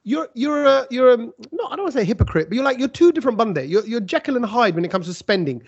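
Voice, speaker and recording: A man's voice: very high-pitched, expressive, quick pace, husky. A man teasing his friends and telling anecdotes in a casual chat. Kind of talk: casual banter. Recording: dull lo-fi recording.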